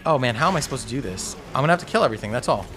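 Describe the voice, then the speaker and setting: A man giving panicky, excitable commentary while playing a video game, talking to himself and cheering out loud. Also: medium pitch, rapid-fire, soft background music. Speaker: gameplay streamer. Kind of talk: live gameplay commentary.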